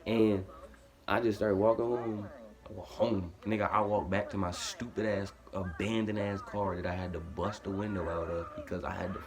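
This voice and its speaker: A young man telling a true story in casual, slangy talk full of repeated fillers, acting out his own past lines in a much higher, louder, slower voice. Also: little pitch movement. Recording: faint background noise.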